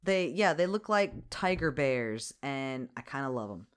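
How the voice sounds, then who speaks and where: A podcast host recapping a movie in a chatty, animated way, swearing freely. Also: medium pitch, a little slow.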